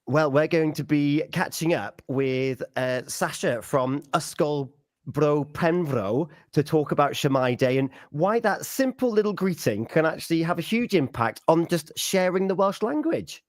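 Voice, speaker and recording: A man hosting a breakfast radio show, relaxed and hesitant, speaking with fillers. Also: a little high, a little slow, no room sound, clean studio sound. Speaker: radio host.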